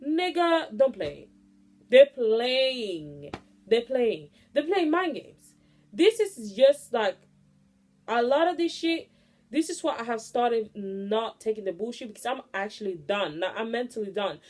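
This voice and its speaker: Blunt young woman ranting with a higher voice. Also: unhurried. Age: late teens. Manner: blunt, profane, animated ranting. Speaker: vlogger. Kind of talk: casual venting monologue.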